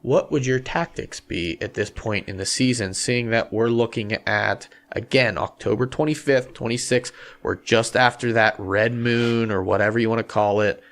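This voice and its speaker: A man's voice: mid-range voice, moderate pace, few pauses, a bit bright. A man co-hosting a hunting podcast in a small studio, talking casually in long rambling runs full of fillers. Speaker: podcast co-host.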